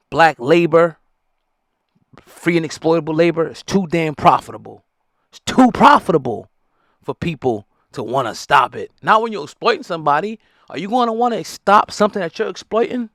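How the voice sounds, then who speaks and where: A man's voice: a little high, creaky, a bit bright, no echo, clean studio sound. A middle-aged man, giving heated, blunt, profane commentary. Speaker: hip hop news commentator. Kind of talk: opinionated commentary.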